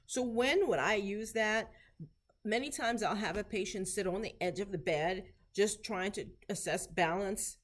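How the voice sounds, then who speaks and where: A woman therapy clinician giving an instructional lesson, patiently repeating short phrases slowly so learners can practice. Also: medium pitch. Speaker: therapy clinician teaching Spanish.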